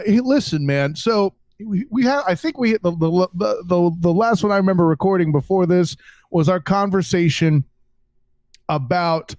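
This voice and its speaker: Male co-host, high voice, blunt rambling banter. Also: a little mellow, dry recording. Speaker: podcast co-host. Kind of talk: casual chat.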